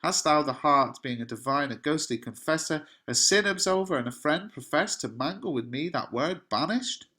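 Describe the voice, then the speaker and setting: A man's voice: a little high, animated, normal speed, hardly any pauses, pushed and bright, pitched above the performer's own voice. A man voicing a young lovesick male hero, reading dramatic verse aloud in impassioned exclamations. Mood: despairing.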